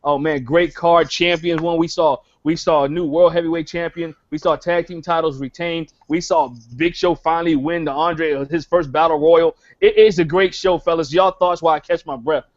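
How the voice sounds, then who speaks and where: A man hosts a wrestling podcast in a hyped announcer manner and repeats phrases for effect. His voice sits somewhat high, and the audio is dull and lo-fi. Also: steady tone, normal speed, few pauses. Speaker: podcast host. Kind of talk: show-opening podcast chat.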